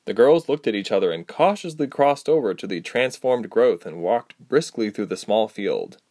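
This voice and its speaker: A man narrating a fantasy storybook aloud, expressive and acting out each character. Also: fairly low pitch, moderate pace, dry recording, studio quality.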